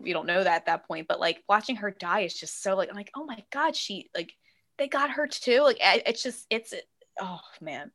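A woman co-hosting a podcast, talking in a lively, casual way, acting out quotes and swearing freely. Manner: animated, acts out quotes with big pitch jumps. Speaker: podcast co-host. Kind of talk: casual chat.

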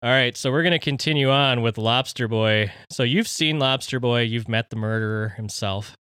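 A man's voice: mid-range voice, moderate pace, a bit bright, clear, resonant tone, dry recording. A man from Minnesota co-hosting a podcast, chatting in an easygoing, dry way. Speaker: podcast co-host. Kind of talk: casual chat.

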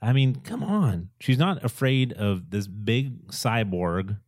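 A man's voice: lowish voice, expressive, takes it slowly, darkish tone, dry recording, clean studio sound. A man co-hosting a casual chat, rambling with enthusiasm and acting out film quotes. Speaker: podcast co-host.

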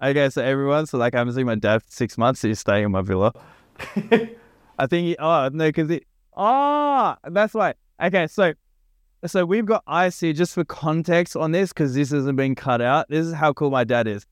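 Chill guy hosting a podcast, smooth clear voice, dry close mic. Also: a little high, lively intonation, normal speed, no room sound. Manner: laid-back, laughs along, slangy. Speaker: podcast host. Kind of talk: casual chat.

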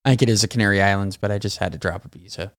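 Low-voiced male sidekick, easygoing banter, dry close mic. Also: rapid-fire, dry recording. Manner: laid-back banter, slangy. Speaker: co-host. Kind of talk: casual chat.

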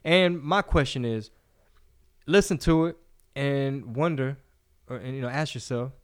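A man's voice: medium pitch, unhurried, clean tone. A young man co-hosting a podcast in casual, profane chat, often slipping into mocking impressions. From Texas. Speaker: podcast co-host.

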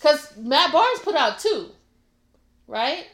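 A woman co-hosting a casual podcast chat, laughing often and quoting others in a flat lower voice. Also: slow pace. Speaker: podcast co-host. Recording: echoey room.

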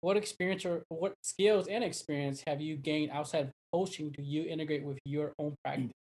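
A man's voice: fairly high pitch, steady tone, fairly quick, darkish tone, slightly rough. A man interviewing a coach over a video call, asking short questions and giving brief affirmations.

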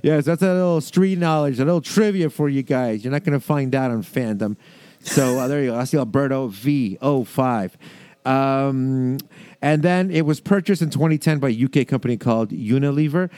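A man's voice: medium pitch, normal speed, a little mellow, dry recording. A man co-hosting a casual chat, rambling with lots of fillers and laughs, reading excerpts aloud. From American South. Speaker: podcast co-host.

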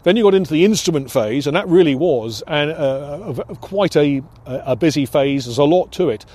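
Here the older Briton from the United Kingdom who used to train pilots sounds a little high-pitched and darkish, with lively intonation at a normal pace. He reminisces thoughtfully in the interview, often hesitating and beginning again.

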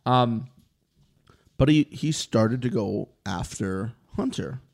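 A man's voice: medium pitch, slow pace, gravelly. A man hosting a casual podcast chat, animatedly recapping events and acting out what people said. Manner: animated recapping with acted-out quotes. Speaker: podcast host.

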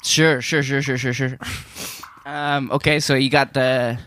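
An actor playing a dream-stalking slasher as a goofy guest, rambling through improvised pitches and laughing at his own ideas. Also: little pitch movement, a little slow, a bit bright, close to an everyday voice. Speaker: guest in character. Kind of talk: improvised comedy interview.

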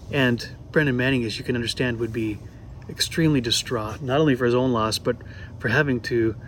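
A man's voice: mid-range voice, fairly bright tone, a little hiss or hum, rough recording. A man hosting a devotional talk, telling a story in an earnest sermon style and repeating words for emphasis. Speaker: podcast host giving a devotional message.

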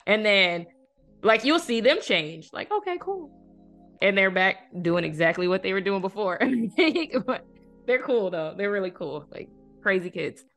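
A woman's voice: medium pitch, lively intonation, unhurried, fairly bright tone, faint music behind. A woman hosting a podcast interview in a chatty, casual way, with many filler words and easy laughter. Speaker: podcast host.

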